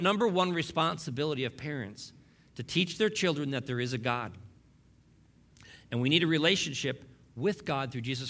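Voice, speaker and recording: A man's voice: mid-range voice, vocal fry, a bit bright. A man preaching a sermon as pastor, emphatic and fond of repeating key lines, with wry asides to the congregation.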